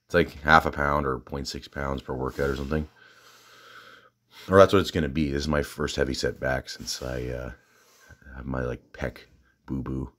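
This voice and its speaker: Southern guy, extremely low voice, halting and filler-heavy, chatty gym vlogger. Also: steady tone, a bit bright. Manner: rambling, halting, lots of fillers and restarts. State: out of breath. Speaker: fitness vlogger. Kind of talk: casual rambling gym vlog.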